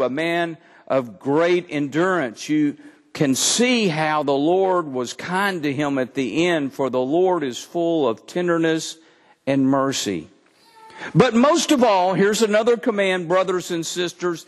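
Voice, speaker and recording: A man's voice: sits high, big-room sound. A man from Texas, preaching a sermon, reading scripture and explaining it with humor. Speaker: pastor.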